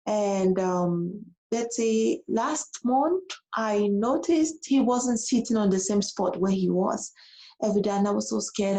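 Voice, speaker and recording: Woman vlogger, casual emotional story, mellow gravelly voice. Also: mid-range voice, low-quality recording. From abroad. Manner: animated, repeats herself.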